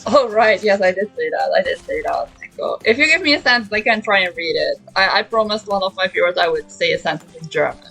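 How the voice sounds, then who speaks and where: A woman's voice: mid-range voice, animated, fast talker, gravelly, few pauses, a bit bright, husky, poor audio. A young woman streamer chatting casually while playing a video game, giggly and repeating words as she thinks. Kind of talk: casual gaming stream chat. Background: faint game music.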